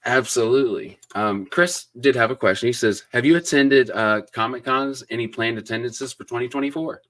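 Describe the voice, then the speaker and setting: A man's voice: medium pitch, fairly even intonation, a little fast. A man hosting a live book interview, effusive and enthusiastic, thanking viewers between questions. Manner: enthusiastic, effusive, many fillers and shout-outs. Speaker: booktube interview host. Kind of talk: live-stream interview chat.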